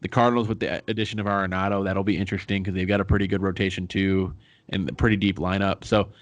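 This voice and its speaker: A young man rambles through a loose sports chat on a podcast. His voice sits a little low and stays easygoing, with the odd curse thrown in. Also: flat delivery, quick pace, no echo, lo-fi sound. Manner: laid-back, rambling sports talk with profanity. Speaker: podcast co-host.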